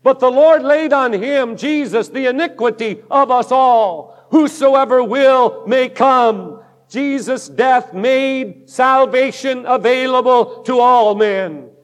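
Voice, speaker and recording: A male pastor delivers a sermon in a notably high voice, declaiming each point with emphatic force. His words ring out with a long reverb, as if recorded in a large church sanctuary. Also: slow.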